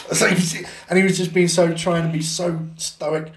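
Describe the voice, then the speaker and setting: A man's voice: sits high, little pitch movement, normal speed, roomy sound, slight background noise. A young adult Englishman co-hosting a podcast, swearing a lot and telling a story animatedly. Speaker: podcast co-host. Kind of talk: casual storytelling chat.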